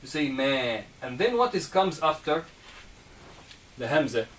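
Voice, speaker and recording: Teaching a class on Arabic letters, the man's voice is a little high, animated, and a bit bright. He's slow and patient, checks in with "okay?" and "right?", and the distant mic catches faint background hum in the room.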